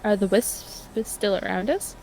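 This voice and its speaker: A woman with a gravelly voice, playing in a tabletop game and stating her character's moves briefly and directly. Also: medium pitch, expressive, measured pace, darkish tone, slight background noise. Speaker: player.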